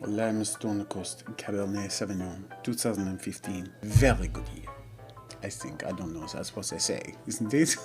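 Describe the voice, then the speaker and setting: A man's voice: lowish voice, moderate pace, over music, voice pushed down, natural voice. A man voicing a pompous male French starving artist with a put-on, exaggerated French accent, in grandiose, theatrical comic role-play over a game. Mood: musing.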